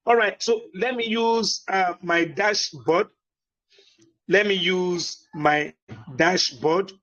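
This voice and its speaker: Slow, deliberate man on a call. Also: high voice, a bit bright, dull audio. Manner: repetitive, keeps checking that listeners can hear him; slow, deliberate delivery with many fillers. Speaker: host of an online business meeting. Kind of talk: motivational talk on an online call.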